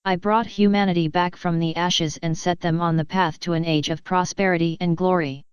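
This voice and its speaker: A woman's voice: on the low side, fairly even intonation, normal speed, clear, resonant tone, no echo, dull audio, natural voice. A woman voicing a regal, once-warlike pony princess who speaks formally, in a storybook reading. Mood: proud. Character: stern warrior pony princess, commanding yet tender.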